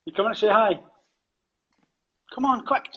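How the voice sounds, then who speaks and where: A man's voice: sits high, moderate pace, husky, highs cut off. A man hosting a podcast, chatting casually and laughing easily on a call. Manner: chatty, laughs easily, distracted by home visitors. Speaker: podcast host. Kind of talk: casual chat.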